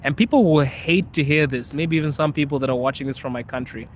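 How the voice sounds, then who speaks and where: A man's voice: fairly high pitch, fast, a little hiss or hum. A young man hosting a casual live chat outdoors on a city street, talking in an emphatic, earnest way. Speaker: livestream host.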